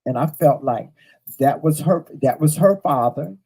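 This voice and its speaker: Husky, blunt man telling a story. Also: a little high, a little slow, darkish tone, rough recording. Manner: blunt, profane, repeats phrases for emphasis. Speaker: host. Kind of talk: casual storytelling monologue to viewers.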